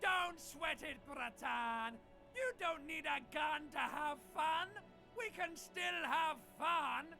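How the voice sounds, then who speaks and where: A man's voice: very high voice, takes it slowly, vocal fry, sharp tone, soft background music, pitched above the performer's own voice, heavily acted. A man voicing a sly male inner voice that coaxes the hero toward fun. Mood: coaxing. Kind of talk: voicing game characters aloud.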